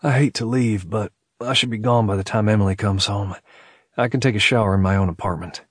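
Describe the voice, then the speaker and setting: A man voicing a tender young man in love in an audiobook romance, soft, intimate and a little hushed. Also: lowish voice, fairly quick, husky, no echo, clean studio sound. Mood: regretful.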